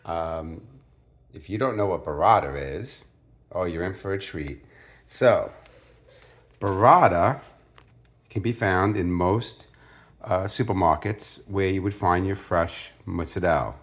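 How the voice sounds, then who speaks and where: Chatty low-voiced man hosting cooking video. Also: slow pace, pauses often. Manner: chatty, jokey, playfully insistent on Italian pronunciations. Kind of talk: casual cooking demonstration.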